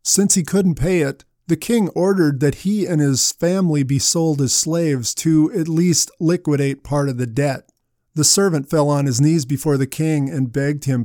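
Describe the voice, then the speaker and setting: Mellow, conversational male preacher. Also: fairly high pitch, moderate pace, no room sound, clean studio sound. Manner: conversational, asks the listeners questions. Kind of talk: sermon.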